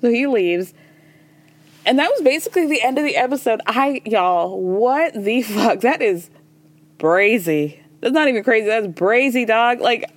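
A woman with a fairly high voice recaps reality TV in a loose, casual monologue. She is chatty and profane, and slips into the dialogue of the people she describes. The sound is close and dry, with no room around it. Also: animated, measured pace, no room sound. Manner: chatty and profane, says y'all and girl; retells scenes by voicing quoted dialogue. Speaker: podcast host recapping reality TV.

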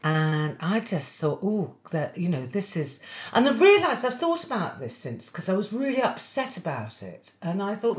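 A woman's voice: mid-range voice, very animated, moderate pace, hardly any pauses, reverberant. A woman with a self-deprecating, rambling way of telling stories in casual chat.

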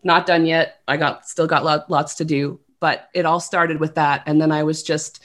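Woman from Canada, podcast guest, bubbly, casual, lower pitch. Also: little pitch movement, moderate pace, a bit bright. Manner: bubbly and enthusiastic, many "like"s.

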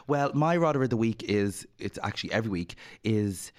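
A man's voice: fairly low pitch, lively intonation, a little fast, darkish tone. A man co-hosting a podcast, telling stories in a chatty way, swearing freely and acting out quotes. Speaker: podcast co-host. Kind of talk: casual chat.

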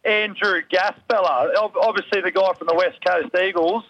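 A high-voiced Australian man talks loudly over the phone from a train carriage. He jokes crudely and laughs easily as he chats with his co-hosts. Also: fairly even intonation, moderate pace, dull audio. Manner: loud, laughing, crude joking. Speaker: co-host calling in. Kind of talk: casual banter. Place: on a train, public transport.

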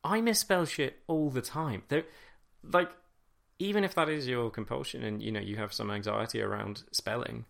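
A man talks through a TV episode in loose, chatty commentary. His fairly low voice has a gravelly, fry-filled texture. He swears freely and often breaks into laughter. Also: fairly bright tone. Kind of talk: casual spoken commentary.

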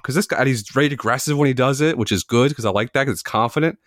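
A man in his forties rambles through a self-mocking story as a podcast co-host, full of ums and casual swearing. His voice sits at an ordinary middle pitch, recorded close and dry with no room sound. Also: fairly quick, hardly any pauses, a bit bright, no echo. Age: 40s. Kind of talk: casual chat.

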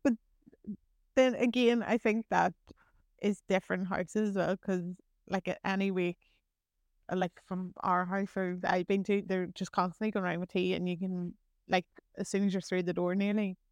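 A woman's voice: medium pitch, a little mellow, smooth, no room sound. A woman co-hosting a podcast, making dry, teasing remarks in casual chat. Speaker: podcast co-host.

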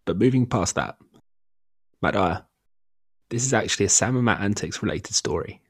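Male co-host under the weather, low gravelly voice, husky, wry and teasing. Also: animated, normal speed. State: sick. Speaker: podcast co-host. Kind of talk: casual chat.

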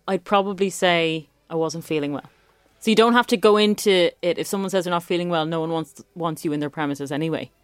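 Radio woman, lowish voice, sheepish and self-mocking, dry studio sound. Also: a little fast, clear, resonant tone, no room sound. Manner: sheepish, self-deprecating, laughs easily. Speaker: radio co-host. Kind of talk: casual radio banter.

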